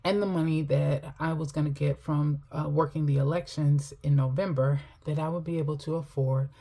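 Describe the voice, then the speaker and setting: A woman's voice: low voice, fairly even intonation, normal speed, dark tone. A middle-aged woman telling a personal story while chatting casually to camera about her finances, laughing often.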